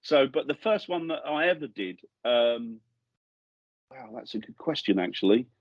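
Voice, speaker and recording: A middle-aged Englishman with a mid-range, very animated voice speaks at normal speed, in a dry recording with dull audio. As a guest in a podcast studio, he tells ghost-hunting stories in a rambling casual interview, often restarting sentences.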